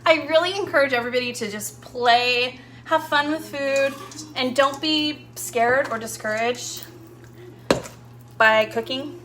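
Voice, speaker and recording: A woman's voice: high voice, unhurried, fairly bright tone. A young woman hosting a casual cooking demo in her home kitchen, chatting loosely with lots of fillers as she works. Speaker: home cooking show host.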